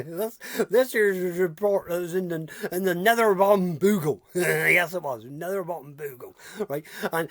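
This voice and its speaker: Giggly rambling woman with lively pitch. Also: dry recording, clean studio sound. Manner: chuckles through her own stories, repeats "see?" and "oh, dear me"; rambling, with restarts and repeated phrases. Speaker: village news storyteller. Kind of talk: comic rambling monologue.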